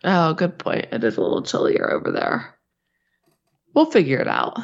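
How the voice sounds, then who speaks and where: Husky congested woman, gravelly. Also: deep voice, wildly swooping pitch, normal speed. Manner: swears casually, laughs often. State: congested from a sinus infection. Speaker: podcast co-host. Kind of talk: casual chat. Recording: dull lo-fi sound.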